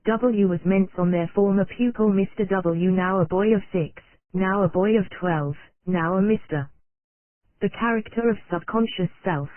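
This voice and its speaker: An audiobook narrator reading an old nonfiction text in a steady, unvaried way, spelling out abbreviations letter by letter. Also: medium pitch, measured pace, dry recording. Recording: dry, tinny phone-like sound.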